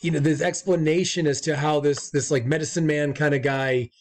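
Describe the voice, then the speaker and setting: Male co-host with a fairly high voice, loose and profane, rambling with restarts. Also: brisk. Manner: stumbling repeats when excited. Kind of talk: casual chat.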